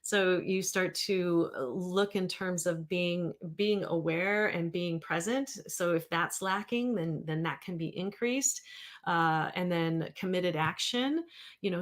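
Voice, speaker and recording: A woman in her fifties, a therapist hosting a livestream, talking casually and rambling as she reads viewer comments aloud. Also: lowish voice. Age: 50s.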